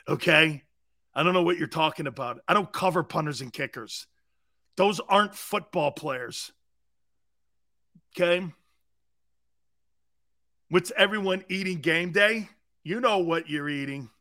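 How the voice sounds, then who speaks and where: A man's voice: on the high side, unhurried, long pauses, sharp tone. A man hosting a sports talk show, brash and boisterous, laughing often as he riffs.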